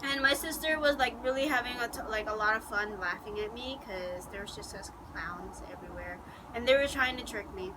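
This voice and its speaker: A woman vlogger telling a story in a rambling, excitable way, full of "like" and restarts. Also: on the high side, brisk. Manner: rambling, excitable, heavy use of "like". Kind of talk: casual story time. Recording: noticeable background noise.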